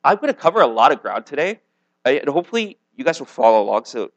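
A pastor with a medium-pitched, sing-song voice talks fast through a conversational sermon, checking in with "okay?" and "right?" He often restarts sentences and stumbles. The recording is dry, with the highs cut off.

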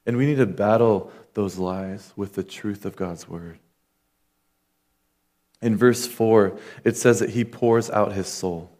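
A man's voice: on the low side, slow, a little mellow. A man preaching a sermon in an earnest, conversational way, acting out quoted lines as he goes. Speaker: pastor.

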